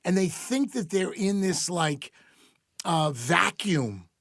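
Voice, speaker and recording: A man's voice: high-pitched, animated, slow pace, a bit bright, no room sound, studio quality. An older man who works as a financial advisor, a guest on a podcast, giving blunt opinions with some swearing in casual chat.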